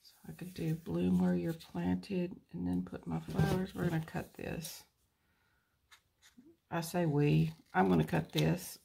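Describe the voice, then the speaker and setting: A woman's voice: fairly low pitch, flat delivery, slow, vocal fry, long pauses, mellow, a little hiss or hum. A woman hosting a plan-with-me video, chatting casually to herself and her viewers as she decorates a planner page. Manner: chatty, talks to herself while crafting. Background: birds chirping outside.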